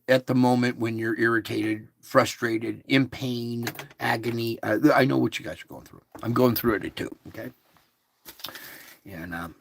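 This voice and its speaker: Slow, easygoing man teaching a devotional. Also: medium pitch, gravelly, a bit bright, no room sound, clean studio sound. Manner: conversational, checks in with "okay?"; reads devotional passages aloud, then comments.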